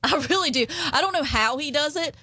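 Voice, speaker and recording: A woman's voice: high-pitched, animated, fairly quick, pushed and bright, no echo. A woman with an Appalachian accent co-hosting a casual podcast chat, giggling often as she reads out phrases. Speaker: podcast co-host.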